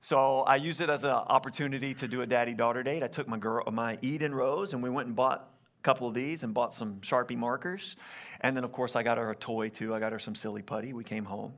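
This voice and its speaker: A young adult man, a pastor, telling a story in a sermon in an animated way and acting out the quotes. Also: mid-range voice, fast.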